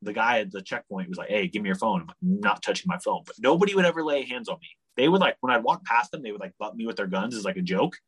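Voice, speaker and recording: Husky-voiced young man telling a story. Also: mid-range voice, racing, hardly any pauses, rough recording. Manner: animated, leans on "like" a lot, acts out the people he quotes. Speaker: guest telling a travel story. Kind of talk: casual storytelling.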